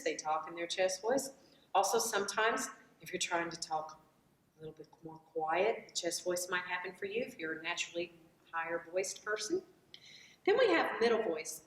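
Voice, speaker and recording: A woman voice teacher giving a vocal lesson, stopping to sing demonstration vowels through her registers. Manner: lively, swooping pitch when explaining. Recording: roomy echo, voice from far off.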